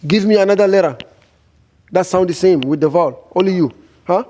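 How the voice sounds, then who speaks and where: A man teaching a beginners' class, talking slowly and firing repeated questions at his students. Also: high-pitched, darkish tone, slight background noise. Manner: slow, repetitive, questioning students. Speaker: Arabic teacher.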